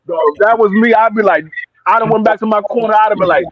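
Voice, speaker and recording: A man in a casual boxing chat, telling stories in an animated, profane way. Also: high-pitched, fast, highs cut off. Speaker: boxer guest.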